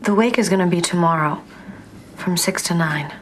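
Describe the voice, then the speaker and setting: A woman's voice: lowish voice, normal speed, faint music behind, close to an everyday voice. An actress playing an earnest, caring young woman in a scripted drama. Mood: sad.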